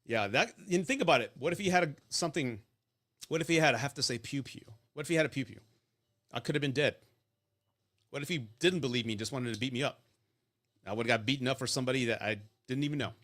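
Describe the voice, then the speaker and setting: His mid-range, fairly bright voice moves fast but breaks into long pauses. As host of a live divorce and dating advice stream, he's casual, blunt and profane, telling stories and checking in often with "right?".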